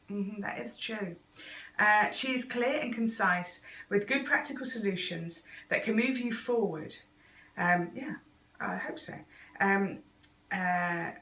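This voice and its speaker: A woman's voice: mid-range voice, sharp tone, reverberant, far from the mic. A woman talking straight to camera as an intuitive coach, chatty and earnest, with little laughs and fillers. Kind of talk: casual direct-to-camera talk.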